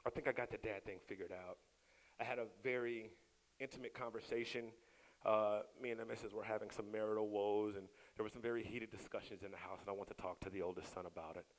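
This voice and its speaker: A middle-aged man doing a stand-up comedy set, who bursts into loud shouts when he acts out scenes. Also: on the low side, steady tone, fast talker, low-quality recording.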